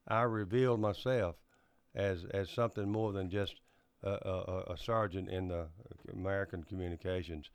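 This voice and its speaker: Older guy telling old stories, lots of uh and restarts, low smooth voice, dry close sound. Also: no room sound. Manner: halting, many fillers and restarts, clears throat. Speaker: interviewee recounting Cold War service. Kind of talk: oral history interview.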